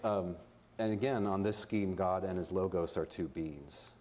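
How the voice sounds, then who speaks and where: A man's voice: low-pitched, measured pace, a little mellow, slight background noise. A man giving an informal academic talk at a conference, explaining ideas in plain, conversational terms with asides and jokes. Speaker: conference speaker. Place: conference venue.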